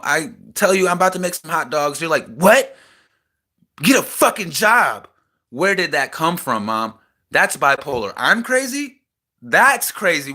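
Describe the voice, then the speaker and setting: A young man in a small house, venting a raw personal rant that swings between heated outbursts and quieter reflection. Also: high-pitched. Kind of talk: emotional personal rant to camera.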